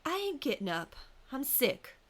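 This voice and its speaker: A woman voicing a hag wife in a ghost story who speaks in high, drawn-out calls. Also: very animated, full character voice. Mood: sulky.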